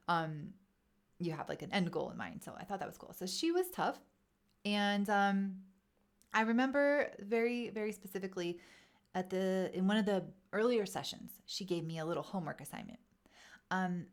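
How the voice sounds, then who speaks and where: A woman casually telling a personal story to camera in a vlog, chatty and animated, acting out quoted thoughts. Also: lowish voice. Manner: chatty, animated, acts out quoted inner voices. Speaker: wellness vlogger.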